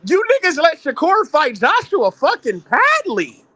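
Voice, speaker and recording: A man's voice: very high-pitched, wildly swooping pitch, measured pace, crowd noise. A man hosting a boxing call-in stream, ranting profanely and emphatically in casual panel talk.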